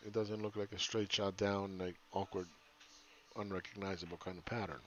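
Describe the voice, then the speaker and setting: A man's voice: sits low, flat delivery, normal speed, fairly bright tone, muffled recording, a little hiss or hum. A man giving casual, rambling live chart commentary as a market analyst, often asking "right?".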